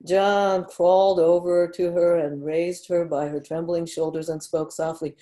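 A woman reading a story aloud in a measured, unhurried narration. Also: fairly low pitch, flat delivery, warm tone.

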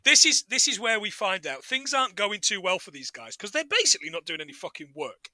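Male podcast co-host, high and animated, sharp bright tone, casual and profane. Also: fairly quick, dry recording. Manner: animated, laughing, swearing, retells scenes. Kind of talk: casual chat recapping a TV show.

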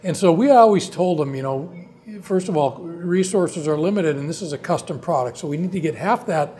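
A man, a company co-founder, tells a long business story in a relaxed conversation, often restarting his sentences. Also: on the high side, brisk. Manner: long rambling anecdotes with frequent restarts.

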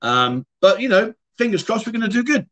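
A middle-aged man with a British accent talks through a relaxed livestream and answers viewers in a loose, chatty way. He is self-deprecating, often trails off and restarts his thoughts. His voice sits a little higher than most men's. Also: brisk. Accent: British English. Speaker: livestream host. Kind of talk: casual livestream chat reading viewer comments. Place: home streaming room.

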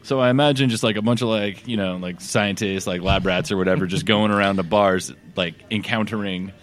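Low-voiced dude rambling thru a news story at a sports bar, lots of likes and laughs. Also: male voice, steady tone, a little fast, faint music behind. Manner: rambling, laughs often, filler-heavy. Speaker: podcast co-host reading news. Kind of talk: casual bar chat.

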